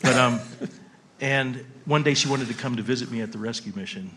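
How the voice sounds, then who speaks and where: Relaxed male panel moderator, mid-pitched, faint hiss behind. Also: a little fast. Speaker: panel moderator, rescue mission worker. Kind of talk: panel discussion.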